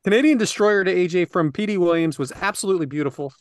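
A man's voice: sits high, fast, no room sound, studio quality. A man hosting a casual podcast, loose and joking, laughing often and cursing casually. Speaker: podcast host.

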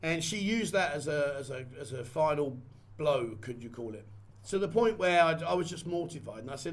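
A man's voice: on the high side, lively intonation, fairly quick. Candid man telling a personal story. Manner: candid, rambling, repeats phrases. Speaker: vlogger and photographer.

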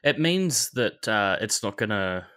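Low male co-host with a crisp, forceful tone and a wry delivery. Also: big pitch swings, a little slow. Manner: wry, dry humor. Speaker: podcast co-host. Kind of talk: casual gaming podcast chat.

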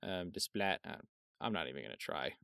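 A young man with a low, plain voice talks through a movie in a relaxed, offhand way, now and then trailing off quieter. He is recorded close and dry, with no room around him. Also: a little fast, gravelly, no room sound. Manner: laid-back, offhand, swears casually, works from notes. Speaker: podcast co-host. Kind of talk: casual film review chat.

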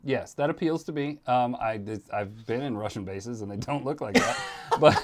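A man co-hosting a casual reaction chat, mocking and laughing often. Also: mid-range voice. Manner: laughing, mocking, quick jokes. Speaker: co-host.

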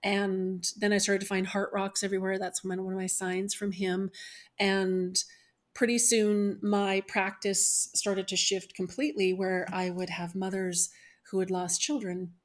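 A woman's voice: medium pitch, level tone, unhurried. A middle-aged woman, a spiritual medium, earnestly and emotionally telling a personal story as a podcast guest. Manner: earnest, emotional retelling with quoted voices.

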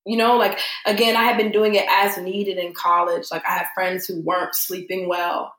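A woman's voice: fairly low pitch, moderate pace, echoey room. A young adult woman telling a story in casual chat, acting out the voices of the people she quotes. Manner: animated, acts out quoted voices. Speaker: podcast guest.

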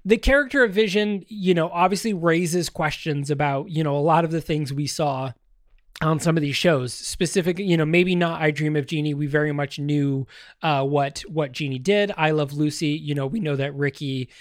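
A man hosts a podcast, chatting loosely with plenty of fillers and restarts, now and then cracking jokes aimed right at the listener. His voice sits a bit high for a man. The sound is close and dry, with no room echo. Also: normal speed. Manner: rambling, many fillers and restarts; addresses listeners directly, joking. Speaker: podcast host. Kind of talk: casual commentary on a TV series.

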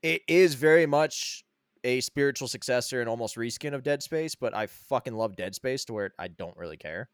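A man's voice: mid-range voice, normal speed, clean tone, dry recording, clean studio sound. A man on a two-person podcast, telling a story in casual chat, swearing a lot and acting out the people he quotes. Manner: swearing, animated retelling with quoted voices. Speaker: podcast co-host.

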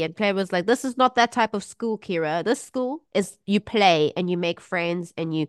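A woman's voice: mid-range voice, normal speed, few pauses, clean tone, no room sound, studio quality. A woman co-hosting a podcast, chatting casually and acting out the voices of people in her stories. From South Africa. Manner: animated storytelling, acts out quoted voices. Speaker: podcast co-host. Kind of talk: casual chat.

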